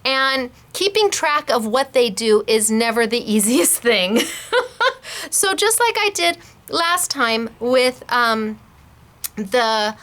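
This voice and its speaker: A woman hosting a casual craft tutorial, chatty and bubbly and quick to laugh. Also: on the high side, sharp tone. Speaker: host of a scrapbooking shop channel.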